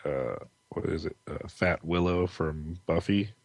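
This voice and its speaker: Very deep-voiced man, dry sound. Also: a little slow, dry recording. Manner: enthusiastic, laughs while talking. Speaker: podcast co-host. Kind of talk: casual chat about TV and comics.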